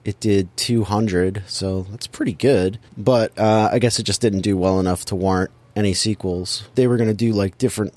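A man co-hosting a podcast, talking in a relaxed, wry way with some hesitations. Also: fairly low pitch, moderate pace, hardly any pauses, no room sound. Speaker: podcast co-host. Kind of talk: casual chat.

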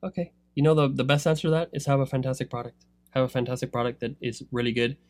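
A man giving a rambling motivational talk about online selling, swinging between loud pushes and low asides. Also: little pitch movement, quick pace, no room sound. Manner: rambling, filler-heavy. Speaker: online seller coaching others.

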